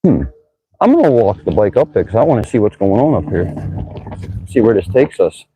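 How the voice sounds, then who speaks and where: A man's voice: on the low side, big pitch swings, fairly quick, warm tone, slightly rough, low-quality recording. Easygoing man chatting outdoors. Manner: easygoing, chatty, muses aloud. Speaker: vlogger exploring town by bike. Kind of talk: casual narration while riding. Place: outdoors on town streets.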